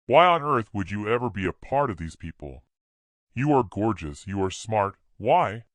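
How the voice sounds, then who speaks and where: A man's voice: lowish voice, very animated, normal speed, no echo. A man voicing an earnest, puzzled man in a storybook reading, questioning.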